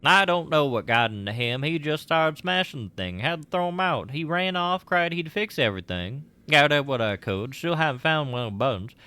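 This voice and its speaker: A man putting on a loud, fretful bar owner. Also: a little high, lively intonation, moderate pace, few pauses, clear, resonant tone, voice pushed up. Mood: agitated.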